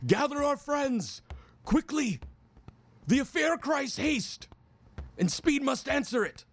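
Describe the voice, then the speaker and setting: A man's voice: extremely high pitch, big pitch swings, slow pace, pitched above the performer's own voice, full character voice. A man voicing a scarred, grizzled male warrior who declaims in archaic, theatrical verse. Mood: urgent.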